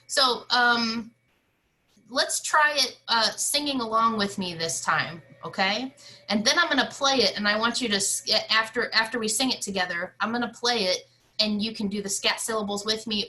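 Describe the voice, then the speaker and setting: A woman's voice: mid-range voice, bright, forceful tone, low-quality recording. A woman teaching an online music lesson, explaining rhythms and singing scat syllables to show them.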